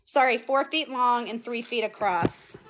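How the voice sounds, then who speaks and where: A woman's voice: on the high side, measured pace, background noise. A woman chatting casually on a phone livestream and answering viewers' comments aloud. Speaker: vlogger answering live chat. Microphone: phone camera.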